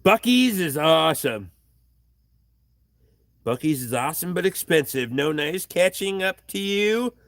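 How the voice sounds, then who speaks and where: A man's voice: fairly high pitch, expressive, unhurried, pauses often, fairly bright tone, no echo. A man hosting a casual livestream, reading viewer comments aloud and swearing freely in a blunt, offhand way, recorded on a tripod camera in his home workshop. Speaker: livestream host reading chat. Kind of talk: casual profane livestream chat.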